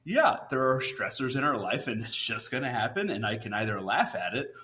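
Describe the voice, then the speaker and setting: Self-deprecating man guest, mid pitch. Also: big pitch swings, a little fast, sharp tone. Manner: self-deprecating, hesitant with fillers. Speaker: podcast guest. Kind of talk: casual chat.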